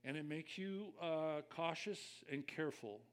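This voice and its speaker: A man's voice: a little high, unhurried, clear, resonant tone. An older man preaching a conversational sermon as a pastor, reflective and personal, speaking straight to his listeners.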